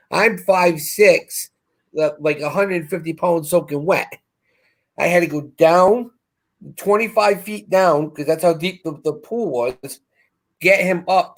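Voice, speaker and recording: Middle-aged male storyteller, casual and lively, slightly higher voice, acts out quoted voices. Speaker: co-host.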